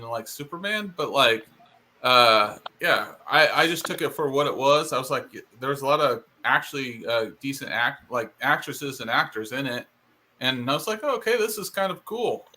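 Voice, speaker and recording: A man chatting casually on a podcast, hesitant and halting. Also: mid-range voice, pushed and bright. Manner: hesitant, many fillers and restarts. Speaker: podcast co-host. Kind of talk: casual chat.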